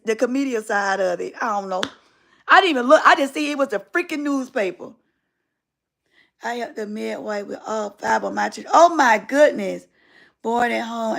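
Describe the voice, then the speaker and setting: Animated high-voiced woman telling a story. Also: creaky. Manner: animated, colloquial, emphatic. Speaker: live stream host. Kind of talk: casual storytelling.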